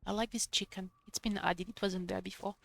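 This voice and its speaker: A young woman streaming a video game live, chatting excitedly to herself while she plays. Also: medium pitch, a little fast, gravelly. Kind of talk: live gameplay commentary.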